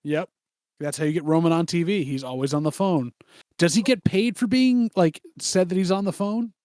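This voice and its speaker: A man's voice: high-pitched, moderate pace, darkish tone, dry recording. A man co-hosting a wrestling podcast, chatting casually with wry, dry asides while reacting live over a call. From Chicago improv scene. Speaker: podcast co-host.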